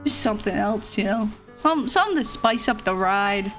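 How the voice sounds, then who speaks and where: A woman's voice: mid-range voice, expressive, moderate pace, a bit bright, soft background music. A young woman streamer chatting casually and rambling, laughing often as she talks. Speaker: vtuber streamer. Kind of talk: casual chat.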